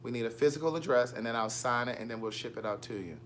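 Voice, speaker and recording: A man's voice: medium pitch, fast, a little hiss or hum. A man hosting a casual livestream, chatting and teasing as he reads viewer comments. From Maryland. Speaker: livestream host. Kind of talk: casual live chat.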